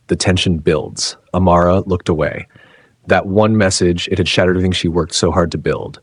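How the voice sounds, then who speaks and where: A man narrating a dramatic story in a slow, suspenseful delivery. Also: low-pitched, fairly even intonation, husky, no echo.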